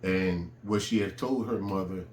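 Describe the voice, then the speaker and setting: A man with a lowish voice tells a personal story in an easy, conversational manner, leaning on fillers as he goes. His voice rings with a roomy echo, and a faint hum of ambience sits behind him. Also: a little slow. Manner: relaxed, conversational, frequent fillers.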